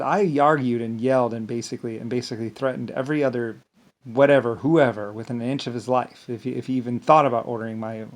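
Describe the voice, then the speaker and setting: A man delivering an angry, rambling monologue, swearing, stumbling over words and filling gaps with "blah, blah.". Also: mid-range voice. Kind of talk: monologue rant to camera.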